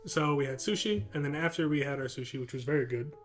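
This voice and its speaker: A man's voice: fairly high pitch, expressive, quick pace, faint music behind. A man co-hosting a casual podcast, talking in a rambling, enthusiastic way with lots of fillers. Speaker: podcast co-host. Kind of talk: casual chat.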